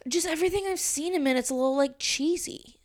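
A woman's voice: sits high, racing, a little mellow. A woman co-hosting a podcast, chatting casually and candidly with lots of fillers. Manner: chatty, candid, says like a lot. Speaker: podcast co-host.

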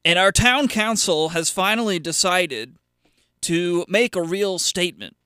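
A man's voice: sits high, lively intonation, unhurried, pushed and bright, clear, resonant tone, no room sound, studio quality. A man hosting a casual solo radio show, rambling and sarcastic, with lots of fillers and restarts.

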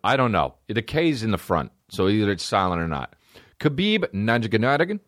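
A man's voice: fairly low pitch, very animated, fairly quick, fairly bright tone, dry recording, clean studio sound. A man hosting a comedy podcast, riffing in a rambling, profane monologue. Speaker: podcast host. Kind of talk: stand-up style comedy monologue.

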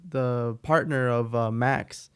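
A man's voice: mid-range voice, steady tone, takes it slowly, smooth. A man co-hosting a podcast in casual chat, rambling and swearing, with lots of fillers. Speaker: podcast co-host.

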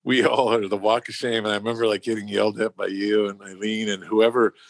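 A man's voice: lowish voice, flat delivery, a little fast, dry recording. Rambling, cursing man telling stories. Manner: rambling, loose, swears freely, lots of fillers. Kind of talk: casual storytelling chat.

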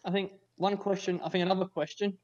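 A man's voice: sits high, level tone, quick pace, a little mellow. A young Australian man co-hosting a podcast, chatting casually, joking and rambling along. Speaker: podcast co-host. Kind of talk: casual chat. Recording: dull lo-fi sound.

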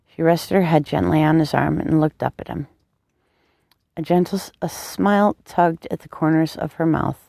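A woman narrating a romance story in a calm, measured reading. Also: low voice, creaky, no echo, clean studio sound. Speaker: audiobook narrator.

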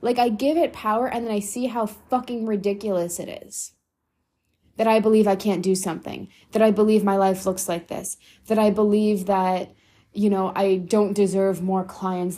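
A woman's voice: mid-range voice, warm tone. A young adult woman hosting a motivational solo podcast, talking bluntly and swearing freely for emphasis. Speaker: podcast host.

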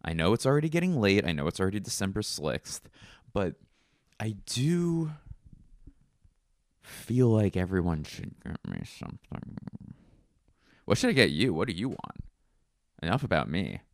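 Deep gravelly-voiced man rambling crudely. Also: big pitch swings, moderate pace, long pauses, no room sound, studio quality. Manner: rambling, crude, self-mocking riffing. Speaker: podcast host. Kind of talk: solo comedic podcast monologue.

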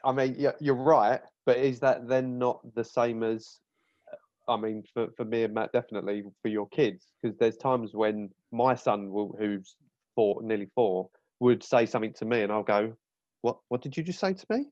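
A man in his thirties with a lowish voice, chatting as a podcast guest. He talks in a thoughtful, easygoing way. The sound is dry and slightly muffled. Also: level tone, normal speed, a little mellow, dry recording. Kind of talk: casual podcast chat.

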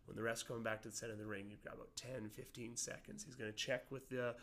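A man's voice: mid-range voice, flat delivery, fast talker, a bit bright. A man, an amateur boxer giving casual interview answers, full of fillers and restarts. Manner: rambling, many fillers and restarts.

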